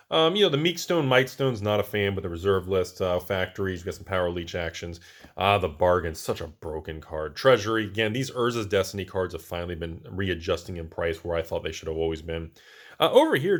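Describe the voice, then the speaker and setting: A man with a fairly low voice chats casually as he shows off his collection. He swings between loud, excited bursts and low, offhand mutters, and he mocks himself with quick jokes. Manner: wisecracking, self-mocking. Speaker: host, card collector. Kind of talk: casual card collection show-and-tell.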